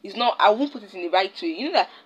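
A woman's voice: medium pitch, expressive, rapid-fire, husky, dull audio. A young Nigerian woman hosting a casual solo podcast, rambling and often stopping to search for her words. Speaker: podcast host.

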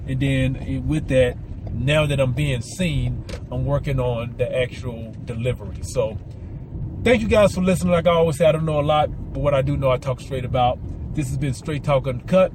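A man's voice: medium pitch, moderate pace, noisy background. Rambling Southern man with a slight lisp. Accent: Southern American. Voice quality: slight lisp from mouth aligners. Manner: rambling, repeats words, enthusiastic. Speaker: podcast host. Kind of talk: casual solo podcast monologue.

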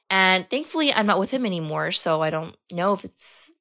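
A woman's voice: medium pitch, sing-song, a little fast, a bit bright. A young woman hosting a podcast, telling a personal story in a casual, chatty way, full of "like" and "you know" and the odd swear word. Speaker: podcast host.

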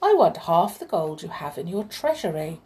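A woman's voice: on the low side, very animated, normal speed, mellow. A woman voicing a clever little male flute player who speaks firmly and lectures the king. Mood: sly. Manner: firm and lecturing.

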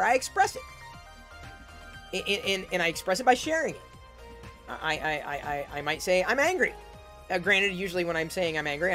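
A woman giving an intense, emphatic advice monologue, often repeating words as she starts a sentence. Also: lowish voice. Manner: loud and projecting.

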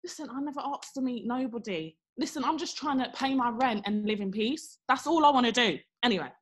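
Animated young woman telling a story. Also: a little high, fairly quick, breathy edge. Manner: animated, acts out quotes with exaggerated voices. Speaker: podcast co-host. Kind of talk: casual storytelling chat.

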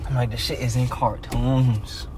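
A man's voice: mid-range voice, level tone, unhurried, noisy background. Slangy, rambling man in casual chat. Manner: slangy, rambling, swings from mumbling to loud bursts.

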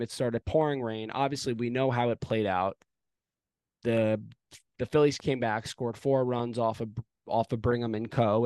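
A young man co-hosting a casual sports podcast, telling an animated, profane story and throwing in mock home-run calls. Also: medium pitch, normal speed, clean tone, no room sound. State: arm in a sling after shoulder surgery. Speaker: podcast co-host.

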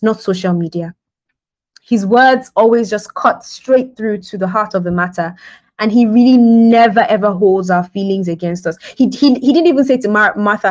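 A woman's voice: mid-range voice, low-quality recording. A woman giving a devotional sermon on a podcast in a conversational style, laughing often and acting out the scenes she describes. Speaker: podcast preacher.

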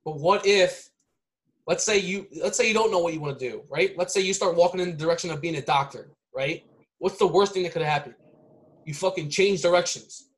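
A man's voice: high-pitched, a little fast, rough recording. A man explaining ideas in a casual podcast chat, rambling and circling back with lots of fillers. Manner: rambling, repeats himself, many fillers like "like" and "right?".

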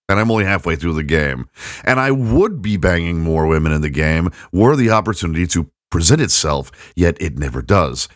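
A middle-aged man with a very low voice tells a long, rambling story, mocking himself and laughing along. It sounds dry and close, with no room around him. He is a podcast host talking casually. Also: lively intonation, moderate pace, no room sound.

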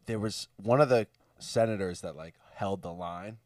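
Deep-voiced young man rambling casually. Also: normal speed, a little mellow, dry recording, studio quality, far from the mic. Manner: rambling, many "like" fillers. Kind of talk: casual chat.

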